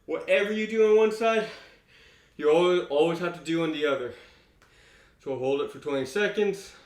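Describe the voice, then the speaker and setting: A man's voice: a little high, brisk. A man leading a home workout, counting reps aloud and catching his breath as he exercises. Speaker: fitness instructor. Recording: echoey room.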